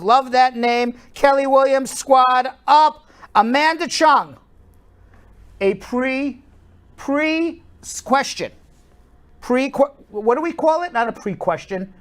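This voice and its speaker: Woman co-host, fairly high voice, lively, reads out viewer names and explains legal answers. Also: takes it slowly. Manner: upbeat, calls out viewers' names, explains legal rules at length. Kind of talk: live-stream show, reading viewer names and answering questions.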